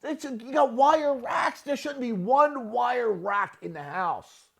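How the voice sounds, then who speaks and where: Giving blunt, casual screen-share commentary on a listing, a man who builds houses repeats himself and keeps asking "right?" His very high, fairly bright voice is expressive, slow, and creaky.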